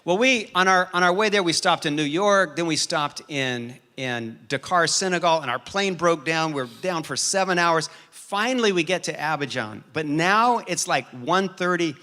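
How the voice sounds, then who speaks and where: A man preaching a sermon and telling a personal story with animated shifts in pace and loudness. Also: a little high, normal speed, few pauses. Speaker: pastor.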